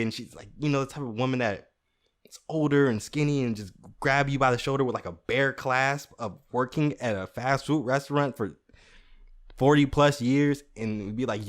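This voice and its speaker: A young adult man hosting a show, telling comedic stories in a casual, animated way, swearing freely. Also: mid-range voice, moderate pace. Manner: animated, swearing, laughing at his own stories. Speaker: podcast host.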